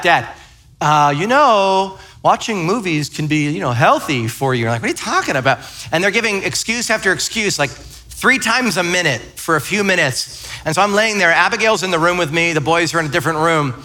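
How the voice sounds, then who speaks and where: Bright-voiced man preaching a sermon. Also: fairly high pitch. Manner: conversational storytelling, self-deprecating. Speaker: pastor. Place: church sanctuary.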